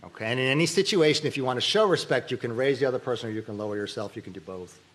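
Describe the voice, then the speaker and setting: A man's voice: mid-range voice, racing, fairly bright tone, a little hiss or hum. A middle-aged man giving a university symposium lecture, explaining ideas casually and checking in with the audience by saying "okay.". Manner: conversational lecturing with frequent "okay" and restarts. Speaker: academic dean giving a symposium talk. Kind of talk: lecture on linguistics.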